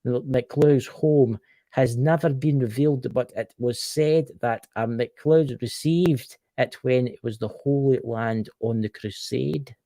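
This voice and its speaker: A man's voice: medium pitch, a little slow, mellow, no echo. A Scottish man co-hosting a casual live stream, reading history aloud with stumbles and jokey mock outrage. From Scotland.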